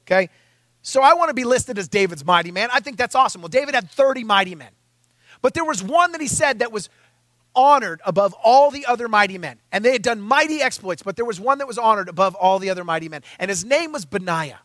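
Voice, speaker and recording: Male preacher, high bright voice, lively self-mocking storyteller, dry close sound. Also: fast, dry recording. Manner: animated, self-mocking storytelling, acting out his own panic. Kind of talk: sermon. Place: church.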